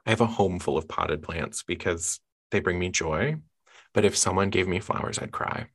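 A woman's voice: very deep voice, moderate pace, husky. A woman hosting a casual book podcast, chatty and upbeat as she leads questions and sign-offs. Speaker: podcast host.

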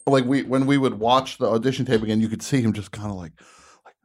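A man's voice: medium pitch, fast, a little mellow. A man hosting a comedy call-in show, riffing in jokey rants. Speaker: host.

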